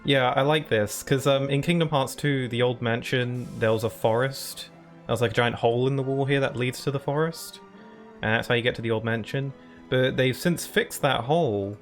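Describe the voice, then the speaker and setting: Man, game streamer, casual rambling chat, self-deprecating, mid-pitched voice, faint music behind. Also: normal speed. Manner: chatty, rambling, self-deprecating, laughs often. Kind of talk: casual live-stream gaming commentary.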